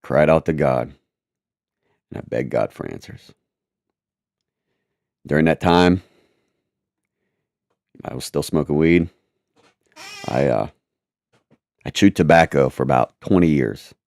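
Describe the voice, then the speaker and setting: A man telling a personal testimony in a halting, repetitive, earnest way. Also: rumbling low, expressive, vocal fry, darkish tone, dry recording, studio quality.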